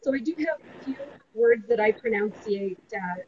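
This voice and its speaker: This casual interview features a woman, a marketing company president, recounting personal stories cheerfully and chattily over video call. She speaks at normal speed in a fairly high, expressive voice, captured in dull, lo-fi audio with slight noise.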